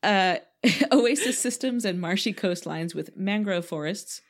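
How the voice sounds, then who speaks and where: A woman's voice: medium pitch, measured pace. A woman co-hosting a podcast, reading from a script with playful, self-mocking asides and frequent laughter. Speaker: podcast co-host.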